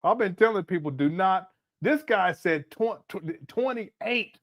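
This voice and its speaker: A man's voice: high-pitched, animated, measured pace, fairly bright tone. A man in his late forties hosting a casual reaction commentary, mocking and laughing as he talks. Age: 40s. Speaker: commentary host.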